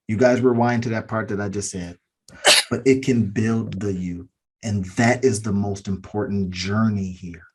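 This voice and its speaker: Earnest husky man preaching business lessons. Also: lowish voice, darkish tone. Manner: earnest, preachy, repeats key phrases. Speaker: podcast co-host. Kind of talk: motivational business talk.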